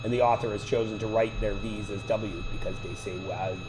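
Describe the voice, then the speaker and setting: A man's voice: lowish voice, steady tone, brisk, heavy background noise. A man teaching math to a class, lecturing with chatty, joking side stories. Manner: chatty, digressive, joking asides.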